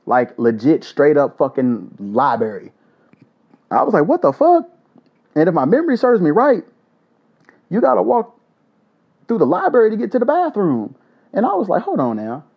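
A man hosting a casual solo podcast, blunt and profane, giving joking shout-outs. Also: a little high. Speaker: podcast host. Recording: dull lo-fi audio.

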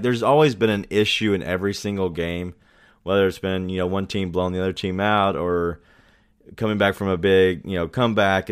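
A man co-hosting a casual sports podcast, talking in a relaxed, rambling way with many fillers. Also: deep voice, smooth. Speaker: podcast co-host.

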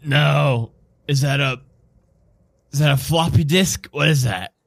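A man voicing an ancient, hunched male vampire lord in a high, creaky old-man voice that breaks into coughs. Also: slow, no room sound. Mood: irritated.

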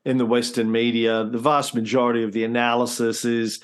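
A man's voice: medium pitch, level tone, a little fast, clean tone. A man co-hosting a history podcast, explaining events with restarts and dry jokes. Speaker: co-host. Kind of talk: casual history podcast chat.

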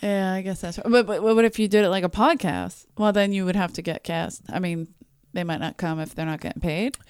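A woman hosting a casual podcast chat, chatty with quick reactions. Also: on the low side, steady tone, a little mellow, clean tone, dry recording, studio quality.

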